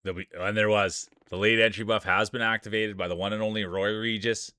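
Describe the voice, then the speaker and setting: A man's voice: lowish voice, little pitch movement, brisk, sharp tone, clean tone, no echo. Male streamer-announcer, joking banter, resonant voice, dry close sound. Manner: playful, jokey announcer patter. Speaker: streamer hosting marble races. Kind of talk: live stream commentary.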